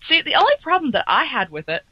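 A woman co-hosting a podcast, chatting in a relaxed, hesitant way. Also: high voice, quick pace, no echo. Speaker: podcast co-host. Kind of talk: casual chat. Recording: dull dry lo-fi mic.

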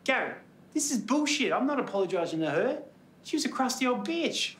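A man's voice: very high voice, big pitch swings, brisk, fairly bright tone, full character voice. An indignant young Australian shop worker who has had enough. He argues back with sarcasm, his voice ringing in an echoey room. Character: fed-up young male retail worker.

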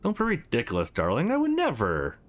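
A man voicing a sly middle-aged woman in a visual novel, coolly dismissive and teasing, read in his own low-key voice. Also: huge pitch swings, brisk.

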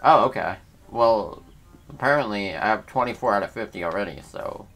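A man's voice: on the low side, animated, moderate pace, fairly bright tone, soft background music. A young man giving casual, laid-back gameplay commentary and reacting aloud in slangy talk. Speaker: let's player.

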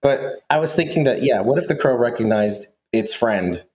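A man's voice: medium pitch, lively intonation, normal speed, darkish tone, slight background noise. Teasing, playful male podcast co-host. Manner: teasing, playful, laughs often. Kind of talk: casual chat about a TV show.

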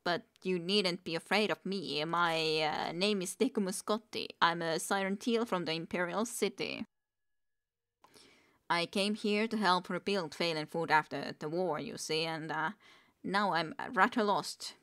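A woman's voice: lowish voice, measured pace, a bit bright. A woman reading the lines of a lost, polite young male clerk, hesitant and courteous.

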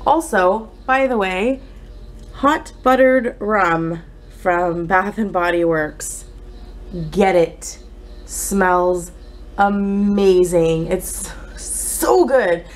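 A young woman chatting casually in a home vlog, exasperated, swinging between flat mutters and shrill outbursts. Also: extremely slow. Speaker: vlogger. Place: home, indoors.

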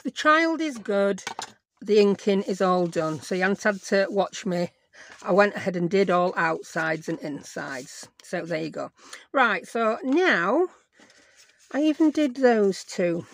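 A middle-aged woman, hosting a chatty crafting tutorial and rambling to herself as she works. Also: mid-range voice. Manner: rambling, self-mocking, talks to herself while working. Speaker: craft channel host.

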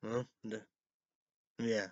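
A man hosting a casual sports recap, rambling through scores with halting repeats and fillers, now and then bursting out excitedly. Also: on the low side, dry recording, lo-fi sound. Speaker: show host.

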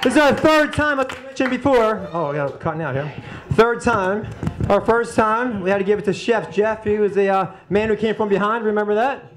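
Very high-voiced male emcee, noisy bar. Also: a little fast. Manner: upbeat, thanks guests, wraps up the show. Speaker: host of a comedy joke-off. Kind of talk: emcee announcements.

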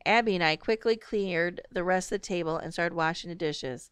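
A woman reads a novel aloud, her voice smooth and resonant. She narrates steadily and measuredly. The recording is dry and close. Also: fairly low pitch, normal speed, no echo. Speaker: audiobook reader.

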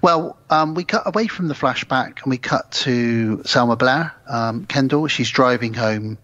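A man's voice: medium pitch, measured pace, dry recording. A man chats casually on a podcast, retelling film scenes and throwing himself into quoting the characters. His voice sits mid-range and comes through a slightly muffled, lo-fi recording. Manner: animated retelling, acting out quoted lines. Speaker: podcast co-host. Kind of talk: casual film recap chat. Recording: slightly dull lo-fi sound.

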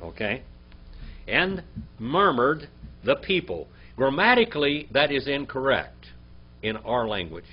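A man teaching a Bible language class, quizzing his students and reading Hebrew words out slowly. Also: mid-range voice, very animated, husky. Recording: dull lo-fi classroom recording with faint hum.

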